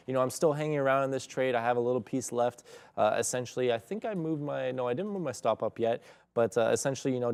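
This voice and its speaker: A man on a live trading show walking through his trades in a relaxed way, with many fillers. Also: mid-range voice. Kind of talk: casual trade walkthrough.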